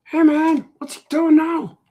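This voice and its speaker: A man voicing a loud, needling male inner critic who taunts him while he draws. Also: very high-pitched, level tone, unhurried, lo-fi sound, voice pushed up. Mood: taunting. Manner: shouty, taunting.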